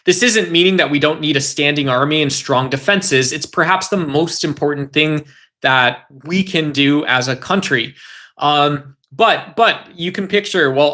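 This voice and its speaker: Young male streamer, slightly high and bright, loose rambling delivery, reacts to chat. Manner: rambling, conversational, reads and answers chat comments. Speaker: livestream host. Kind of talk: casual political livestream talk.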